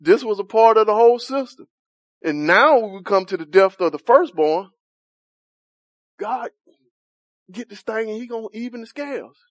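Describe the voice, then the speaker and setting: A man leads a Bible study in a loose, conversational style, often putting questions to the group and laughing along. His voice sits fairly high. The sound is close and dry. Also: animated, moderate pace, long pauses, no room sound. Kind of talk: interactive Bible study teaching.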